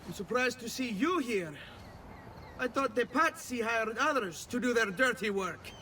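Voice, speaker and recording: A man's voice: very high-pitched, lively intonation, moderate pace, pushed and bright, exaggerated voice. A cocky young Florentine nobleman. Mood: taunting. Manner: teasing, swaggering. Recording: noisy video game audio.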